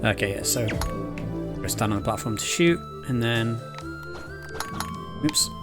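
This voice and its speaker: A man's voice: medium pitch, lively intonation, measured pace. A man giving casual, chatty commentary while playing a video game, thinking aloud. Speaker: streamer. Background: game music.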